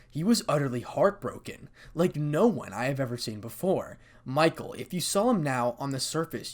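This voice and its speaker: A man voicing a gentle, kind female archangel who speaks softly and earnestly. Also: fairly high pitch.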